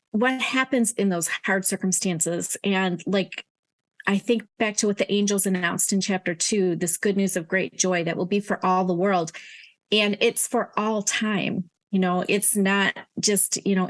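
A middle-aged woman talks earnestly about her faith in a relaxed interview. Her pitch sits in an ordinary middle range. She speaks with some fillers and restarts as she works through her thoughts. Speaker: author guest. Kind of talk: casual Christian interview talk.

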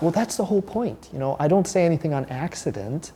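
Chatty pastor teaching a class, reverberant hall. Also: male voice, high voice, moderate pace. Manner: animated, chatty, asks the class questions.

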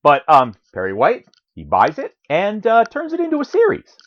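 Animated rambling man recapping a comic. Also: sits high, moderate pace. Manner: rambling, animated storytelling with fillers. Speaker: podcast co-host. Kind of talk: casual chat recapping a comic. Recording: dull lo-fi recording.

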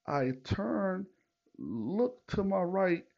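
A man hosting a podcast, telling a story in a casual, animated and profane way, acting out what people said. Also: high-pitched, very slow, vocal fry, highs cut off. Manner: animated, profane, retells with acted quotes. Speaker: podcast host.

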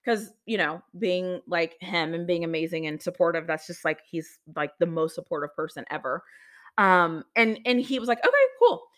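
A woman's voice: on the low side, moderate pace, a bit bright. A woman in her thirties hosting a podcast, telling a candid personal story in a chatty, filler-heavy way and swearing casually. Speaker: podcast host.

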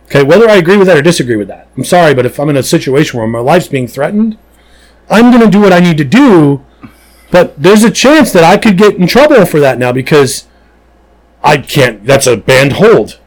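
A man's voice: a little high, fairly quick, poor audio. A man who works as a police officer, chatting casually on a podcast in an emphatic, blunt way. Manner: animated storyteller, emphatic and blunt.

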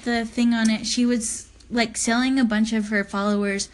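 A woman's voice: on the high side, little pitch movement, normal speed, slight background noise. A woman co-hosting a casual chat podcast, talking in a chatty way with joking asides. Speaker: podcast co-host.

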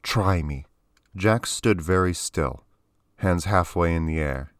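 A man narrates a story in a measured, even audiobook style. His voice is very deep and low. The sound is dry and close, with no room around it. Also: clean tone, no echo.

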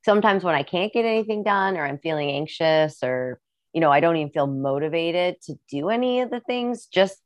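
A woman's voice: lowish voice, expressive, a little fast, no echo. A young woman with a Midwestern accent, chatting casually and a little rambling as a guest on a podcast. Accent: Midwestern American. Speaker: musician and guest.

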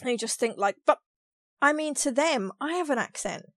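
Rambling London woman, fairly high voice. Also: expressive, normal speed, a bit bright, no echo. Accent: London English. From London, England. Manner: rambling, self-deprecating, laughs often. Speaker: podcast co-host. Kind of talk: casual chat.

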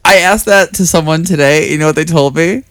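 A man's voice: fairly high pitch, brisk, a bit bright, no echo, studio quality. A man co-hosting a casual podcast chat, rambling and laid-back, swearing casually. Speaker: podcast co-host.

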